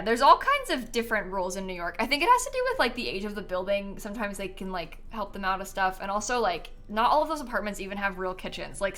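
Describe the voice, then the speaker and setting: A woman's voice: mid-range voice, pushed and bright. A woman chatting casually on a live stream as she builds in a life-sim game, giggling often and answering her chat.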